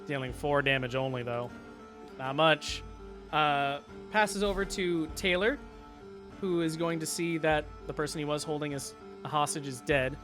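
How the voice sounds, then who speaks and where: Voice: medium pitch, normal speed, a bit bright, soft background music. A game master narrating a tabletop game and explaining rules in a casual, patient way.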